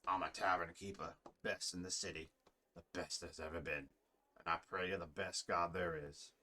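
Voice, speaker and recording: A man's voice: low voice, little pitch movement, moderate pace, bright, forceful tone. A man voicing a boastful hulking barkeep. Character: huge boastful male albino tavern keeper.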